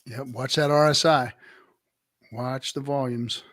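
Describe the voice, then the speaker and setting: A man with a voice of average pitch co-hosts a casual crypto show. He talks bluntly and swears freely as he lectures about investing. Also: fairly even intonation, slow pace, a bit bright. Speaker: podcast co-host.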